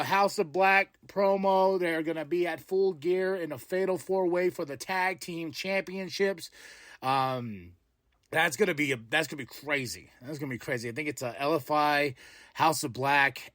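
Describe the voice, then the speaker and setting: A male podcast host with a fairly high voice, talking through a wrestling show in a loose, excitable way. He chuckles often and breaks into playful wrestler impressions. The sound is close and dry, with no room around it. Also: no echo. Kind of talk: casual wrestling recap.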